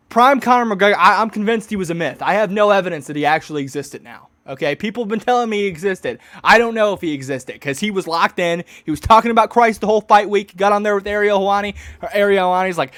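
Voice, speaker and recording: A young man in his twenties rambles through a fight recap in a high, light voice, stumbling and restarting mid-sentence and now and then bursting into mocking outbursts. The sound is dry and close, with no room around it. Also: fast talker, fairly bright tone, no echo. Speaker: streamer recapping a fight event. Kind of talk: casual rambling commentary.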